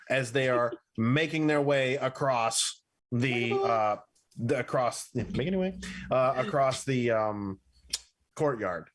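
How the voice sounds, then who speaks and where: A man's voice: medium pitch, measured pace. A man narrating a tabletop game as game master, rambling and correcting himself with frequent fillers.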